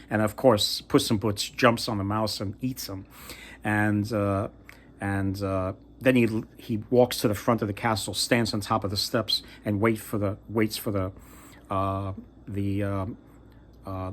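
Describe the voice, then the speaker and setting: A man casually retelling a fairy tale from memory, halting and often trailing off to restart. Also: fairly low pitch. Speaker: storyteller.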